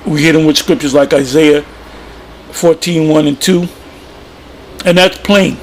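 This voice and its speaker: A man's voice: fairly high pitch, steady tone, measured pace, slight background noise. A man giving informal religious commentary, plain-spoken and emphatic, often repeating himself. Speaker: preacher.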